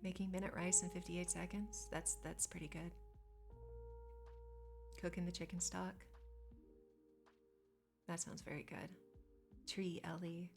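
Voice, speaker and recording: A woman's voice: on the low side, level tone, a little slow, gravelly, long pauses, music in the background. A woman streamer in casual chat, reading and answering her chat with chatty, squeamish asides.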